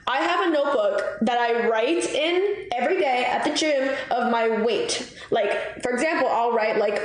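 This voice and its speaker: A young woman streamer telling a story in a casual, animated way, with lots of swearing and laughter. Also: sits high, normal speed. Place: room on a livestream. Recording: very echoey room, faint noise.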